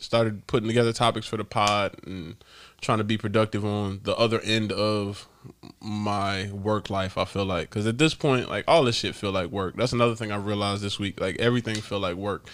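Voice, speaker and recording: A man's voice: on the low side, fairly bright tone. A man hosting a podcast, telling stories casually, laughing often and swearing freely. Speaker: podcast host. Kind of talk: casual storytelling.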